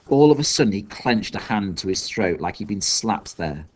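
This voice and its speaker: A man's voice: lowish voice, expressive, moderate pace, hardly any pauses, darkish tone, slightly rough. A man reading a children's novel aloud as scripted narration, telling the story expressively. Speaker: audiobook reader.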